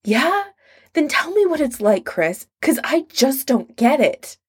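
A woman reading aloud, voicing a volatile young man who shouts and hisses in jealous anger. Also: medium pitch, animated, unhurried, breathy edge. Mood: hurt.

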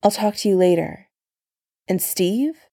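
A woman reading a story, voicing a teasing, easygoing young man on the phone in a low, creaky, mellow voice at a slow pace. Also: no echo, studio quality. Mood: gentle. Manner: light, teasing, reassuring.

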